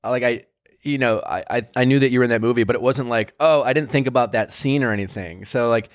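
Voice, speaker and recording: A man hosts a casual podcast and talks loosely, circling back on himself with restarts and "like"s. His voice sits at an ordinary pitch, and the studio sound is dry and close. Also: fast talker, dry recording. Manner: rambling, many restarts and fillers. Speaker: podcast host.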